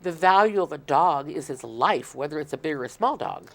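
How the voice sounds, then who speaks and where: A woman's voice: sits low, expressive, brisk. A woman, a shelter guest on an interview show, explaining earnestly at length with frequent restarts. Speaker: shelter marketing manager, guest. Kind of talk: casual interview talk.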